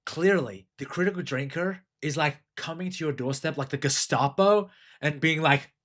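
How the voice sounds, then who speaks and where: A man's voice: a little high, moderate pace, a bit bright. A man hosting a livestream, chatting casually, rambling and swearing, reading chat aloud. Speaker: livestream host.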